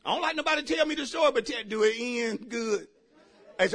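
A man with a high, lively voice preaches in church. His tone is bright and a little husky, and he swings from shouted points to quiet, joking asides with the congregation. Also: fast. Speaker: pastor. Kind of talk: sermon.

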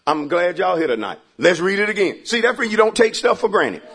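A man preaching in church, calling out for the congregation to answer back. His voice sits very high and sounds husky, and it swings widely as he climbs into shouts. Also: sing-song, fairly quick. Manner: preaching with rising shouts and repeated calls for response. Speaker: pastor. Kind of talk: call-and-response sermon.

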